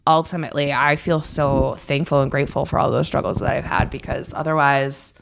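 Woman podcast guest, lowish voice, rambling, swears freely, self-deprecating, casual chat. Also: fairly even intonation, a little fast, gravelly, noisy background.

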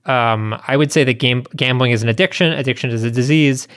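A man's voice: medium pitch, a little fast, fairly bright tone. Easygoing male podcast host. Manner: easygoing, reads listener mail. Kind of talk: casual chat.

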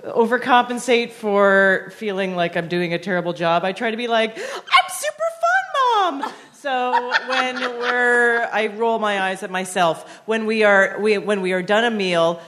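A woman's voice: medium pitch, moderate pace, hardly any pauses, a bit bright, slight background noise. A woman comedian guesting on a live podcast, telling a story in a dry, wry way. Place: live stage before an audience.

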